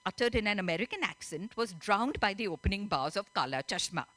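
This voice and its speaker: A woman's voice: medium pitch, a bit bright, dry recording. A woman author, chatty and laughing often as she tells and reads her story at a festival. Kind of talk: reading aloud and storytelling at a literature festival. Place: festival stage.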